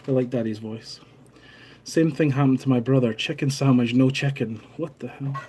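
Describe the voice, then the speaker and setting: A man's voice: mid-range voice, moderate pace, warm tone, slight background noise. A Scottish man hosting a casual live stream, telling a story and reading out viewer comments in a chatty way. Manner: chatty storytelling, laughs at own anecdote.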